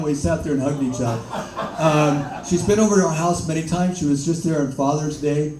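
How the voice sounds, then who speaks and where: An older man, an interview guest, telling his story in a halting way with many fillers and laughs. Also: fairly high pitch, dark tone. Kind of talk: conversational storytelling. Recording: echoey room, mic far off, faint noise.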